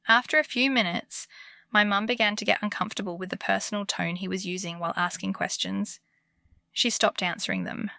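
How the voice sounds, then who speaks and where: A woman narrating true scary stories for bedtime in a calm, comforting scripted delivery. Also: medium pitch, brisk, vocal fry, dry recording, clean studio sound. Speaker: horror story narrator.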